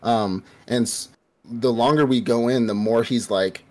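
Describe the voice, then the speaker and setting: A man's voice: mid-range voice, unhurried, a little mellow. A man co-hosting a podcast, telling an anime plot in loose, profane casual chat and acting out the characters' lines. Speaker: podcast co-host.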